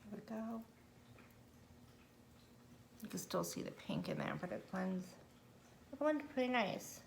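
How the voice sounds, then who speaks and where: A woman's voice: mid-range voice, wildly swooping pitch, unhurried, vocal fry, slight background noise. A middle-aged woman chatting casually through a makeup tutorial at home, rambling and self-deprecating. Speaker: makeup vlogger. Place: indoors at home.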